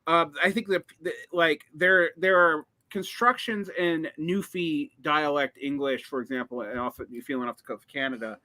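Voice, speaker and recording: A man's voice: fairly high pitch, normal speed, hardly any pauses, bright, forceful tone, no echo. A man hosting a casual conversation, explaining language history in a digressive, lecturing way with many fillers and restarts. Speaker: host, teacher.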